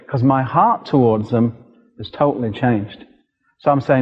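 A British man preaching a sermon as a story, lively and re-enacting scenes with sudden shouts. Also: medium pitch, unhurried, breathy edge. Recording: dull recording with long hall reverb.

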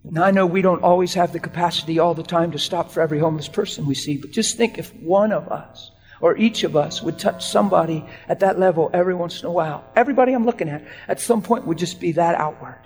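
A man preaching a sermon as a story, acting out the dialogue and swinging between hushed lines and shouts. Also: sits high, fast, few pauses. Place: church hall. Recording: church hall reverb with faint music.

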